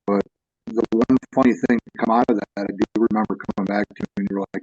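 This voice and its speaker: A man's voice: on the low side, fairly even intonation, fast, a little mellow, highs cut off. A plainspoken man, a wrestling promoter and trainer, talking casually and a little choked up. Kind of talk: casual chat.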